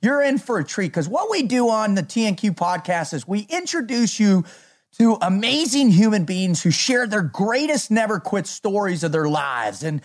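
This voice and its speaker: A man's voice: sits high, very animated, moderate pace. A middle-aged man hosting a podcast, talking in a hyped, motivational way and laughing often. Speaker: podcast host. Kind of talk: energetic podcast chat.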